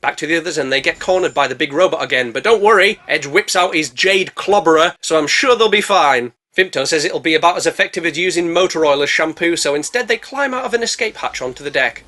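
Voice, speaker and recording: Sarcastic man, bright voice. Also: fairly high pitch, expressive, fast talker, hardly any pauses. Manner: sarcastic, jokey, slangy. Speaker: movie reviewer. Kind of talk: comedic movie recap narration.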